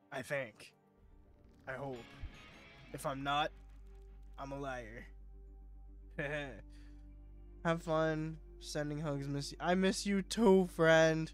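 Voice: medium pitch, fairly even intonation, very slow, long pauses, soft background music. A streamer with a stuffy, sniffly nose, chatting playfully with viewers during a casual live gaming stream. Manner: chatty, playful, talks to chat.

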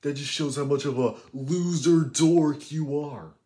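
A man's voice: fairly high pitch, measured pace, dark tone, natural voice. A man playing a cocky, scornful teenage boy in a fan parody roast, mocking and name-calling. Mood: ranting.

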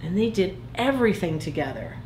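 A woman voicing a grumpy, sly crab who tells a bedtime story in a gruff, deadpan way. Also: on the low side, fairly quick, echoey room, a little hiss or hum.

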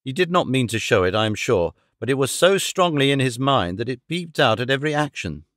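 A man's voice: medium pitch, sing-song, a bit bright, dry recording, studio quality. Man narrating a classic audiobook. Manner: measured, formal storytelling.

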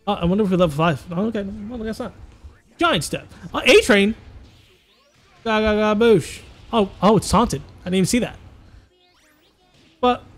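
An excitable man calls a fighting-game tournament live, with a high voice that leaps up and down. He is playful, chants along with the action and laughs easily. Faint music sits behind him. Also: fairly quick, long pauses. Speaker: tournament commentator.

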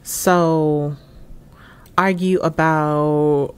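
A woman's voice: low-pitched, steady tone, extremely slow, a little mellow, smooth. A young woman giving chatty, slangy commentary while playing a life-sim game. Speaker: gaming video creator. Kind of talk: casual gameplay commentary.

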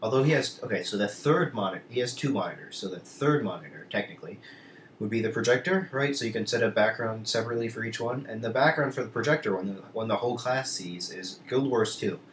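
A teenage boy chatting on his vlog in a loose, rambling way, full of restarts and side remarks. His voice sits slightly low and is picked up from a distance. The room echoes around him, with faint noise underneath. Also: fast talker. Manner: rambling, many restarts and asides. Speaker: vlogger. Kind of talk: casual storytelling vlog.

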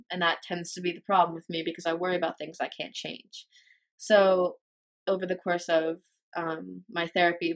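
A teenage girl with a fairly low voice that stays flat and even, with little rise or fall. She tells her story in a confessional vlog, speaking haltingly and filling her pauses with "um" and "like". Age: teens. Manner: hesitant, halting, many fillers. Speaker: vlogger.

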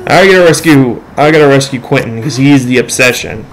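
A teenage boy giving loose, excitable commentary while playing a game, yelling at teammates and mocking himself. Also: medium pitch, fairly quick, slight background noise, poor audio. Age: teens. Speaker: gamer. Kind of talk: let's play commentary. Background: game music.

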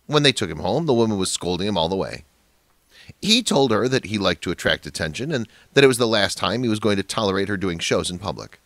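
A man's voice: low-pitched, fairly bright tone, no echo. A man narrating a dramatic family story in a scripted, emphatic way.

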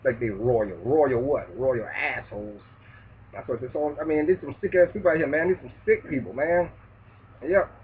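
A man ranting in a loud, preachy, profane street manner in a vlog monologue. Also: mid-range voice, moderate pace, a little hiss or hum. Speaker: vlogger. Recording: distant tinny phone-like sound.

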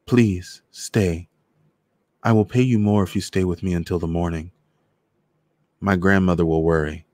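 A fierce young woman who speaks her mind, read by a man. She stays indignant and earnest, the low voice sitting close and dry with no room around it. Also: fairly even intonation, unhurried, pauses often, darkish tone, no echo. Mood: pleading.

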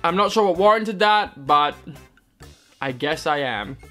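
A man's voice: on the high side, expressive, unhurried, pushed and bright, soft background music. A young man with a mixed British-American accent, casually reading out comments in a vlog and answering them with wry, self-deprecating sarcasm. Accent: mix of British and American. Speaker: equestrian vlogger.

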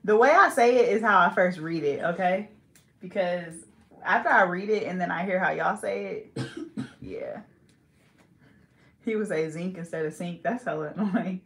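A woman's voice: lowish voice, normal speed, long pauses, fairly bright tone. A woman vlogger from the Bay Area of California, chatting casually in a playful, giggly way and second-guessing herself. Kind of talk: casual chat. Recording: echoey room, faint background hiss.

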